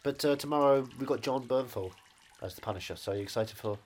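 A man co-hosting a podcast, rambling through absurd jokes in a deadpan, casual way. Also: medium pitch, quick pace, a little hiss or hum. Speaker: podcast co-host. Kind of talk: casual comedic chat.

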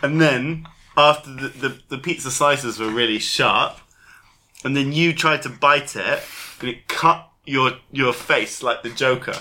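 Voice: mid-range voice, measured pace, bright, forceful tone, slight background noise. A co-host spinning an improvised comic story in rambling run-on sentences.

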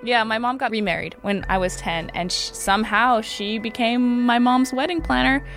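A young woman, a radio producer, telling a personal story in a lively, wry conversational way. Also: fairly high pitch, normal speed. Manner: lively, wry, laughs easily. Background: background music score.

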